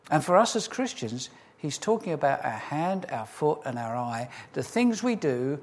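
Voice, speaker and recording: A man preaching a sermon as pastor, emphatic, repeating key phrases and slowing for stress, then leading a prayer. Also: medium pitch, very animated.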